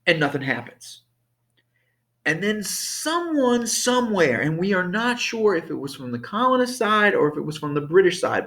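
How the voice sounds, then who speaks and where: A man's voice: mid-range voice, a bit bright. A man teaching a history lesson over slides in an easygoing, conversational way, often checking in with the class by asking "okay?" and "all right?".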